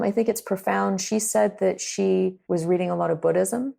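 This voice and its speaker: A woman's voice: medium pitch, moderate pace, creaky, mellow. A woman from Canada co-hosting a podcast, chatting casually about a film and acting out the people she quotes. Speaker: podcast co-host.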